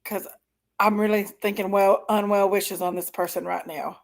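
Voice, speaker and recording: A woman's voice: mid-range voice, fairly even intonation, moderate pace, vocal fry. A woman hosting a live stream, reacting to videos with indignant, exasperated commentary to her chat. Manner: indignant, exasperated, keeps apologizing to viewers.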